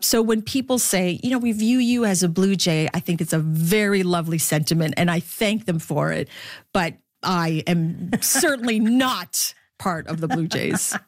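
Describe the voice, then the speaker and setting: A woman sportscaster from the Philippines speaks in an interview. Her voice sits a little low, and she laughs often and does animated voices for people in her stories. The sound is dry and close, with no room around it. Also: moderate pace, no echo. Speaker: sportscaster guest. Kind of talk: interview conversation.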